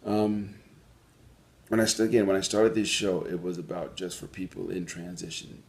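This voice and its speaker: A man hosting a call-in talk show, telling a personal story in an earnest, reflective way, pausing and restarting as he goes. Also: deep voice, flat delivery, creaky, a little mellow. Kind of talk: solo monologue on a talk show.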